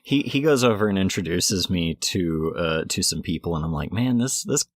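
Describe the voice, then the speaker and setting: Deep-voiced man telling a story. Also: animated, normal speed, dry recording. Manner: rambling, lots of restarts and quoted asides. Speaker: podcast co-host. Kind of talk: casual storytelling recap.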